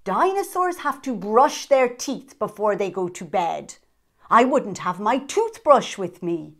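A woman's voice: mid-range voice, sing-song, a little slow. Woman reading as a worried little dino boy, firm and nervous, picture book voice. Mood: anxious. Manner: firm and anxious. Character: worried young male dinosaur.

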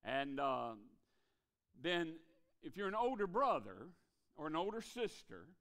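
A man preaching a revival sermon in a church, folksy, calling for amens and dropping to a hush to stress a point. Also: fairly high pitch, very animated, unhurried. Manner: folksy, calls for amens, drops to a hush for emphasis.

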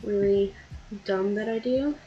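A woman's voice: mid-range voice, a little slow, lo-fi sound, faint music behind. A young woman streamer chatting casually with her viewers as she draws, laughing often and poking fun at herself. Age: young adult. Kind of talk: casual chat while drawing.

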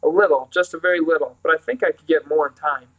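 A man's voice: a little high, fast, fairly bright tone, husky, low-quality recording. A man reading as an earnest little boy. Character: serious, thoughtful little boy.

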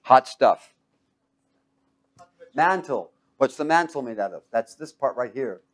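Man quizzing his audience in a lively talk. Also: medium pitch, unhurried. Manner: quizzes the audience with fill-in questions; lively and emphatic, swinging from loud to hushed. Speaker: speaker teaching a live audience.

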